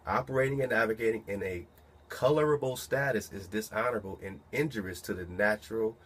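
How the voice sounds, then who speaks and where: A man's voice: fairly low pitch, fairly bright tone, husky. A man reading a document aloud and commenting on it in a casual way, asking himself rhetorical questions as he goes. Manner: muses aloud, asks rhetorical questions, reads slowly then comments.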